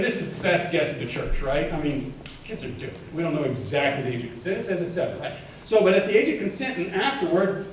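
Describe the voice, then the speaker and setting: A man delivers a keynote talk with an animated, joking energy, tossing questions out to the audience. His voice sits a little high. It rings through a large echoing hall, picked up from some way off the mic. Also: far from the mic, a little hiss or hum. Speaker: keynote speaker. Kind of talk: lively conference keynote talk. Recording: echoey hall, mic set back.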